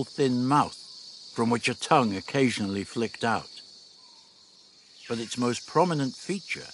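A man's voice: medium pitch, fairly bright tone, a little hiss or hum. A man reading a story aloud as an audiobook narrator. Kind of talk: scripted narration.

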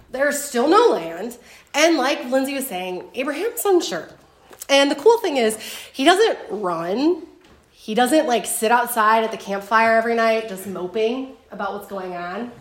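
Chatty young woman teaching a Bible lesson. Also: on the high side. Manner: chatty, many fillers, lively storytelling. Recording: roomy echo.

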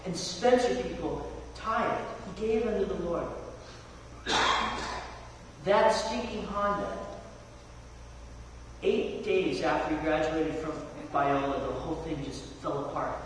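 A man's voice: fairly high pitch, slow pace, pauses often. A man preaching a sermon as pastor, telling stories with casual slang and rhetorical questions. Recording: echoey hall from far off, faint noise.

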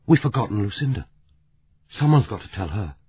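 A man's voice: lowish voice, very animated, a little fast, breathy edge, heavily acted. A man voicing an earnest, somewhat anxious man who speaks in a slightly raised voice. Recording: narrow phone-like audiobook sound.

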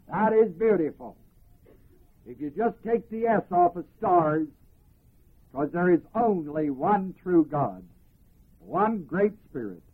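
Slow husky preacher on a tinny recording. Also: male voice, high-pitched. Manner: slow, emphatic, drawn-out reading of scripture. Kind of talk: sermon, Bible teaching.

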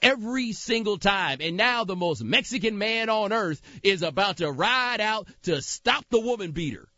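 Guy on a sports talk show, high bright voice, hammers his points home, dry muffled sound. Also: moderate pace, no echo. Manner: emphatic, animated, repeats for effect.

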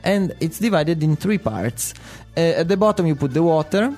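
A man with an Italian accent, a native Italian speaker co-hosting a casual language podcast, jokey and self-mocking, with halting fillers. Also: a little high, expressive, a little mellow, soft background music. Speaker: co-host and native-speaker teacher.

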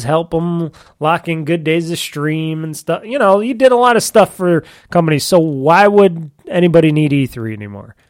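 A man with a rather high voice hosts a casual solo podcast from his home office, talking into a desk mic. He rambles on at length, circling back on himself with plenty of fillers and restarts. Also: smooth. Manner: rambling, talkative, self-interrupting with fillers. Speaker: podcast host. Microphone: desk microphone.

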